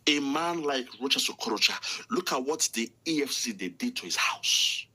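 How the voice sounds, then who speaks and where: A man's voice: mid-range voice, animated, normal speed, sharp tone, slightly rough. Furious Nigerian man ranting. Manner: furious, insulting, repetitive ranting. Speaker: political commentator. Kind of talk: angry political rant.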